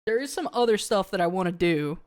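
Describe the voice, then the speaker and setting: Lady streamer just chatting, lots of uhs and restarts, smooth clear voice. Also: mid-range voice, expressive, brisk, darkish tone. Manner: rambling, with many fillers and restarts; reads viewer comments aloud and answers them. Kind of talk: casual chat to a live stream.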